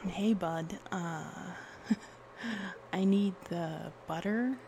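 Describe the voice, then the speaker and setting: A woman voicing a friendly, folksy Minnesotan with a Minnesota accent, drawn-out vowels and giggles. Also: fairly low pitch, vocal fry, dark tone, a little hiss or hum, exaggerated voice. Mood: playful.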